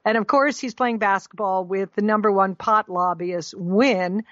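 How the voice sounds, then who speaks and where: A woman's voice: medium pitch, unhurried, a bit bright, no echo. A woman recaps a TV episode with a co-host in a loose, wry way, full of fillers and asides. Her voice sounds close and dry, with a slightly dull, lo-fi quality. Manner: chatty, wry, frequent fillers. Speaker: podcast co-host. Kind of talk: casual chat recapping a TV episode.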